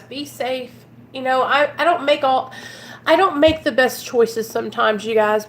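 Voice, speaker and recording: Southern woman, high voice, heartfelt vlog talk, near tears at times, recorded in a car. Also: a bit bright. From Arkansas. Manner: earnest, emotional, sometimes near tears. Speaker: recovery vlogger. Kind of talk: heartfelt casual talk to viewers.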